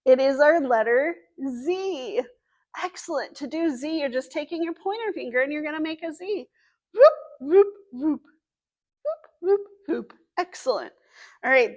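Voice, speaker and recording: A young woman librarian with a high, bright voice runs a children's story time. She talks slowly and clearly in an animated sing-song, drawing out words so small kids can follow along.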